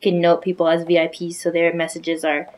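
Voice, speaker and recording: A woman's voice: lowish voice, monotone, fairly quick, darkish tone. A woman co-hosting a tech podcast at an office table, chatty and agreeable. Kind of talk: casual chat.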